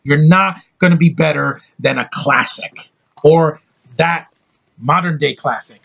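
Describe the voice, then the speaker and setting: Husky, slightly high-voiced man ranting about a film, blunt and full of swearing. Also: unhurried, a bit bright, highs cut off. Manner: heated, profane, blunt ranting. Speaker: online movie reviewer. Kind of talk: angry movie rant.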